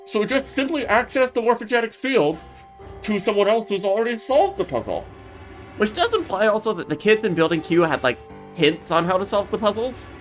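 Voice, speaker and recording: A woman's voice: mid-range voice, sing-song, a little fast, soft background music. A woman co-hosting a podcast, making chatty, analytical asides about a visual novel. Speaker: podcast co-host. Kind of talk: casual podcast commentary.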